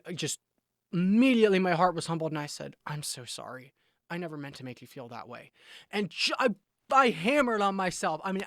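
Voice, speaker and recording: A man's voice: sits high, fairly bright tone, no room sound, clean studio sound. A man talking to camera in a casual advice monologue, emphatic and preachy, with scolding repetitions. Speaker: vlogger giving relationship advice.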